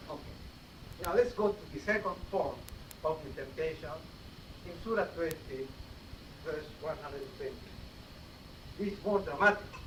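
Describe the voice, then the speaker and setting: A man delivers a teaching sermon in a mosque hall, pausing to check that his listeners follow. He sounds far from the microphone, in a reverberant room, captured on an old 1980s cassette with a light hiss. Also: high voice, very animated, a bit bright. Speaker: preacher giving a Friday sermon. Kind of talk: explanatory sermon. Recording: roomy, distant 1980s cassette tape with faint hiss.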